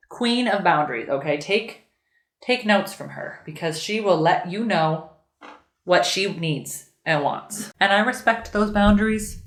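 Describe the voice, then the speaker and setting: A woman's voice: animated, unhurried, echoey room. A young woman chatting casually through a home craft tutorial, rambling and easily sidetracked as she works at a table. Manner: rambling, easily sidetracked, talks to her cat in a high baby voice. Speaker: lifestyle vlogger.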